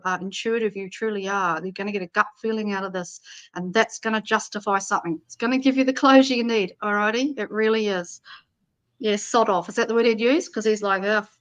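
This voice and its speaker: A woman's voice: medium pitch, fairly bright tone, rough recording. A woman giving psychic readings on a live stream in a blunt, casual way, swearing freely. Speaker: psychic reader.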